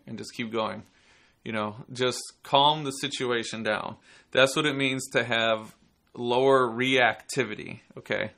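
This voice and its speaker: A man hosting a podcast and giving casual self-defense instruction, relaxed and chatty, sometimes acting out angry people. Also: medium pitch. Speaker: podcast host and martial arts instructor.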